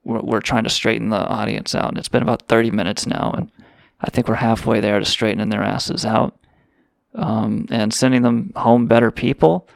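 A man's voice: on the low side, steady tone, moderate pace, vocal fry, dry recording, studio quality. A man co-hosting a comedic podcast, with profane, sarcastic banter and mock sponsor patter. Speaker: podcast co-host.

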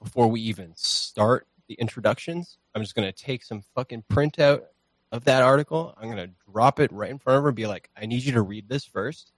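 A man's voice: mid-range voice, fairly quick, no room sound. A man talking as a podcast guest in a loose, rambling, profane and self-deprecating way, recorded on a home streaming mic. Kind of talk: casual chat.

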